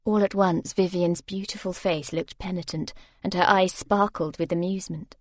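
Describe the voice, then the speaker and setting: A woman's voice: on the low side, fairly even intonation, moderate pace, no room sound. Woman narrating a romance novel. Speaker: audiobook narrator.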